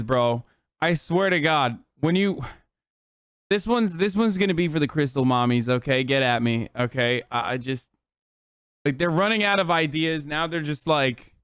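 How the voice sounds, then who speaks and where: A man in his thirties streaming live, reacting loudly to clips and chat with lots of swearing. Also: a little high, clean tone, no room sound. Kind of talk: casual live-stream commentary.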